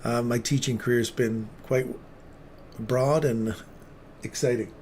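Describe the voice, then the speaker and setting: A man's voice: mid-range voice, fairly even intonation, slow pace, a little mellow, slight background noise. A man hosting a live trading stream, chatting with viewers by name and commenting on the charts in a casual, upbeat way. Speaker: trading livestream host.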